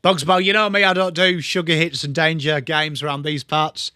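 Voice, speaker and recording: A young man hosts a live football watchalong, chatting with viewers by name and swearing freely as he calls the play. His voice sits a little high for a man and has a bright, forceful edge. The sound is close and dry, with almost no room around it. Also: fairly even intonation, normal speed, clean tone, no echo. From England. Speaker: watchalong host. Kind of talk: casual live football commentary and chat.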